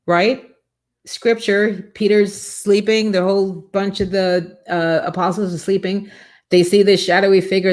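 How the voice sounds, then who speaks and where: A woman with a notably low voice gives a faith-based motivational talk as a morning show host. She speaks with fervor and a preachy drive, piling up rhetorical questions and repeated words.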